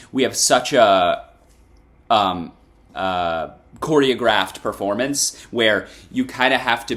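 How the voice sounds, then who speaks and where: A man's voice: fairly low pitch, a bit bright. Playful young man reading fan questions. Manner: playful, reads fan names and questions aloud. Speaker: band member answering fan questions. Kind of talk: casual interview chat.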